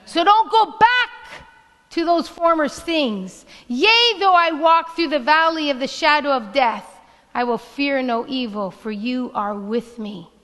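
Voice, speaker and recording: Slow, high-voiced woman pastor preaching. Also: a bit bright. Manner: reads scripture slowly and emphatically, repeating lines. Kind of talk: sermon. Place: church sanctuary. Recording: reverberant church hall with music. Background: worship band music.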